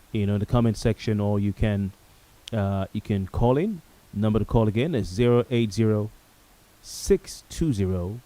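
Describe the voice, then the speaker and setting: A man's voice: mid-range voice, warm tone, rough recording. Grave male talk show host. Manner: grave, repeats phrases for emphasis, addresses viewers directly. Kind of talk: solemn talk show monologue.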